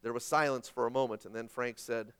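A man preaching a sermon, telling a story dramatically and swinging between loud and hushed. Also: mid-range voice, fairly even intonation, a little fast, clear, resonant tone.

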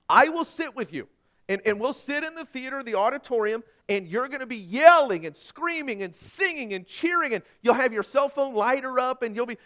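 A middle-aged man delivers a sermon from the pulpit in a high-pitched, very animated voice. He pokes fun at himself and jumps between loud bursts and quiet, earnest stretches. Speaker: pastor.

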